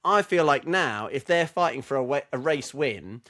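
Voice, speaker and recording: A man co-hosting a casual racing podcast, calmly laying out his theories at length. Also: medium pitch, moderate pace. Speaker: podcast co-host.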